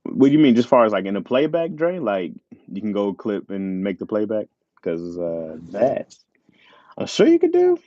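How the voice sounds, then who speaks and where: His voice is lowish and mellow at a normal speed, with the highs cut off. The man hosts a laid-back livestream, reading chat aloud, laughing often, and talking into a tablet mic with earbuds.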